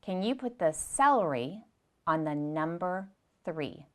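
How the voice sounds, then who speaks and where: A young woman teaching preschoolers, gentle and patient, speaking slowly and clearly and repeating her directions. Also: on the low side, lively intonation. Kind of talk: slow, clear lesson for young children.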